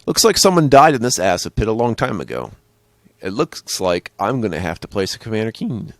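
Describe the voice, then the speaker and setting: A man's voice: fairly low pitch, big pitch swings, a little fast, no echo. A young man rambling through joking, tangent-filled commentary while playing a retro game. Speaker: gaming channel host. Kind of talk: let's play commentary.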